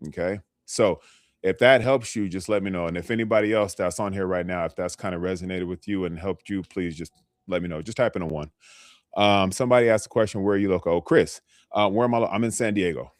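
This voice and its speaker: A man's voice: low-pitched, fairly quick, no echo, studio quality. A man, a health coach, giving motivational advice on a live stream in a conversational way, often checking in with "okay?". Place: lives in California.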